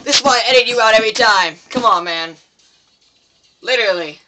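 A man's voice: high voice, fairly quick, sharp tone, slight background noise. A teenage boy commenting on his own gameplay, swearing and pleading with the game in frustration. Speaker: gameplay video maker.

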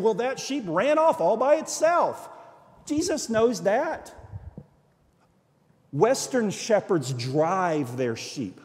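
A man's voice: high-pitched, a little mellow. A man preaching a sermon as a guest missionary, telling stories and repeating phrases for emphasis, recorded on a church livestream. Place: church sanctuary. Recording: church livestream with long hall reverb.

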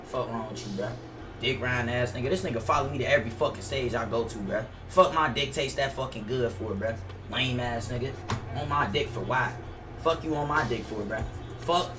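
A man's voice: mid-range voice, fairly quick, music in the background. A young man streaming a basketball video game, trash-talking another player in a profane, heated way. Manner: profane, heated, bro-heavy taunting. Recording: distant mic with clear background noise.

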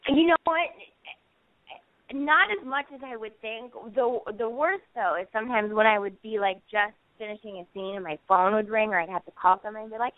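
A woman's voice: medium pitch, brisk, dry recording. A woman in her thirties, an actress being interviewed, talking casually with lots of fillers and restarts. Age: 30s. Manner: chatty, many fillers and restarts, playful. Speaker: actress guest. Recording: phone line.

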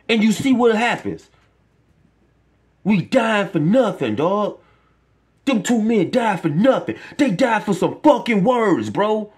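Speaking straight to his viewers, a vlogger delivers an emotional monologue to camera, ranting with passion and profanity and preaching his point repeatedly. His voice sits high, very animated and slightly rough, and he doesn't rush.

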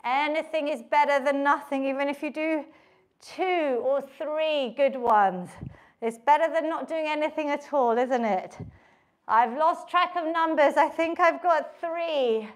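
A middle-aged woman, leading a home workout, counting reps and calmly coaching form. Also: sits high, unhurried. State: out of breath at times. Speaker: fitness instructor. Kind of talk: live workout instruction.

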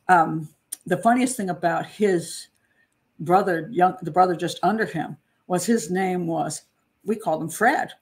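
Speaking in a lowish voice, this female host runs a laid-back true crime commentary, wandering off on tangents, giving blunt opinions, and frequently breaking into laughter.

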